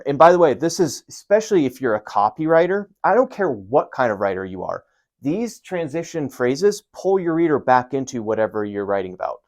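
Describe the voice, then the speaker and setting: Guy teaching writing at home, swears a lot, goes off on tangents, loud then mumbly. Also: medium pitch. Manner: energetic, profane, rambling asides. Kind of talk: casual spoken lesson. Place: home room writing on a board.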